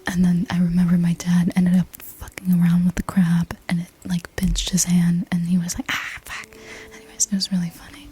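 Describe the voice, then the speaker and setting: A woman's voice: fairly low pitch, monotone, fairly quick, few pauses, dark tone, slightly rough. A young woman telling a personal story in a whispered ASMR voice, casual and rambling, with the odd swear word. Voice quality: unvoiced whisper. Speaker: ASMR creator.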